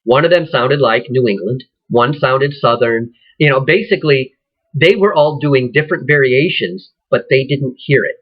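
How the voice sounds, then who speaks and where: A man's voice: medium pitch, normal speed. A man teaching an acting class in a casual, conversational way, thinking aloud and often restarting sentences. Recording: dull lo-fi recording.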